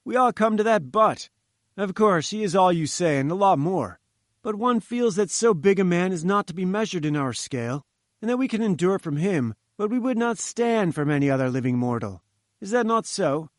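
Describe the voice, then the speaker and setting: Breezy, self-assured male reporter, brisk and knowing, read by a man. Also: high voice, animated, no echo, clean studio sound, pitched above the performer's own voice. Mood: hearty.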